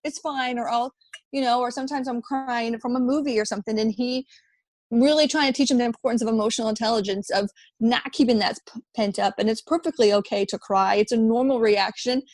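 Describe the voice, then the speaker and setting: A woman's voice: fairly high pitch, brisk, a little mellow, dry recording. A woman in her thirties, a podcast guest, talking earnestly in a conversational interview and often repeating words as she thinks. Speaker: podcast guest, app founder.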